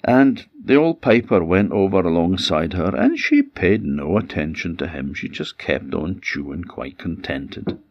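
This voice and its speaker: Man, Orcadian Scottish accent, folktale teller, lively intonation, wry, muffled recording. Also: low voice, unhurried, hardly any pauses, dry recording. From Orkney, Scotland. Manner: animated, wry, conversational. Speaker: traditional storyteller. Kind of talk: oral folktale storytelling.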